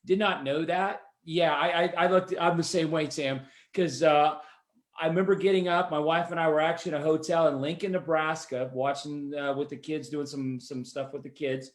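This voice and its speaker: A podcast host with a slightly high voice speaks at a moderate pace and an even tone. He rambles through a casual personal anecdote, chatty and quick to laugh at himself.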